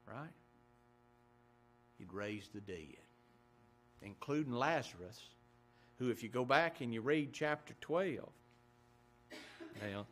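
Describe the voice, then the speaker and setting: A man's voice: mid-range voice, a bit bright. A man preaching a sermon as pastor, asking rhetorical questions, building emphasis and reading scripture aloud in old-fashioned wording. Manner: reads scripture aloud in King James wording.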